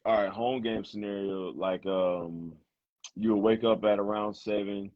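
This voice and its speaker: A man's voice: fairly low pitch, a little slow, no room sound, highs cut off. A young man from South Carolina, a college football player talking casually as an interview guest, rambling with lots of "you know" and "like". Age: young adult. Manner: relaxed, rambling, full of fillers like "you know" and "like".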